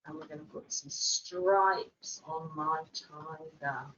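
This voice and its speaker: A woman working in early years education, giving a gentle, animated craft demonstration. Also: sits low, slow pace, lo-fi sound, a little hiss or hum. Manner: gentle, animated, with playful voices. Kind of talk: instructional demonstration.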